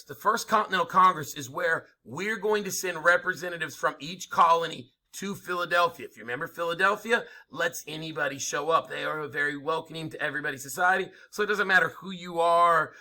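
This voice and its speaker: A man's voice: fairly high pitch, pushed and bright. A man lecturing a history class, emphatic and informal, asking rhetorical questions as he goes. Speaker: history teacher.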